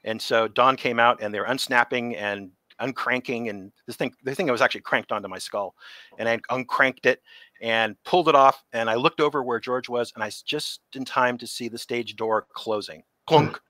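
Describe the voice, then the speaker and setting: A man's voice: mid-range voice, brisk, no room sound. A middle-aged man telling stories from creature suit work in a casual interview, acting out the quotes. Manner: animated storyteller, acts out quotes.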